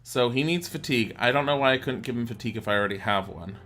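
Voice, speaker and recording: A man's voice: medium pitch, quick pace, a bit bright. A man chatting sarcastically through a video game, talking to his chat as he plays. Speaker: streamer. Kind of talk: casual gameplay commentary. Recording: game music behind voice.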